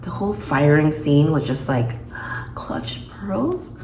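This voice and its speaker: A woman reviewing a TV episode in a casual vlog, expressive and quick to laugh and gasp. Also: low-pitched. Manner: expressive, reacts with laughs and gasps. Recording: echoey room, faint noise.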